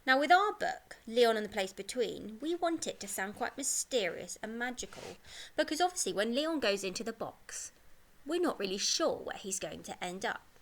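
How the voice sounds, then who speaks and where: Encouraging teacher talking to young children. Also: female voice, a little high, big pitch swings, moderate pace. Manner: bright, encouraging, speaks clearly to young pupils. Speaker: primary school teacher. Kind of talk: pre-recorded lesson for children.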